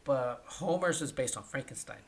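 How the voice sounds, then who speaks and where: A male podcast host with a medium-pitched, mid-range voice recaps events in a loose, rambling way at a moderate pace. It's casual chat, and he keeps tagging his lines with "right?" to check in.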